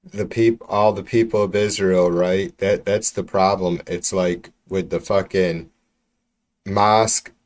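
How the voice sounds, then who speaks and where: Profane, ranting man, low voice. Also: steady tone, slow pace. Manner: profane, exasperated, rambling with frequent restarts. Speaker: political livestream host. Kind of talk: casual ranting livestream commentary. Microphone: computer mic while streaming.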